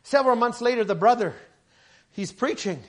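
A middle-aged man preaches a sermon in a high voice at a moderate pace. He stammers and repeats himself as sentences begin, then builds his points into shouted lines.

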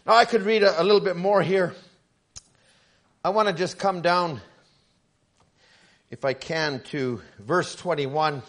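A male pastor preaching a sermon, stammering through restarts and building to shouted emphasis. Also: sits high, a little slow, long pauses.

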